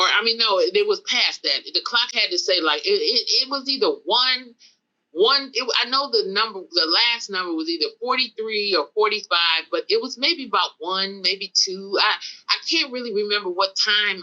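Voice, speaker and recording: Animated female podcast guest with a bright voice and a lively, storytelling delivery, on a dull lo-fi recording. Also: mid-range voice. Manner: animated, vivid retelling with acted-out dialogue. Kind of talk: casual storytelling in an interview.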